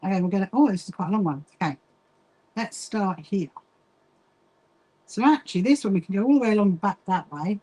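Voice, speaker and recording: A middle-aged woman hosts a relaxed sewing livestream. She talks at an easy, even pitch, chats with viewers and laughs now and then. Her tone is friendly and informal. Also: fairly quick, pauses often, husky, rough recording. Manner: chatty, reads viewer comments aloud, laughs often. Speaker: livestream host. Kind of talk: casual chat while sewing.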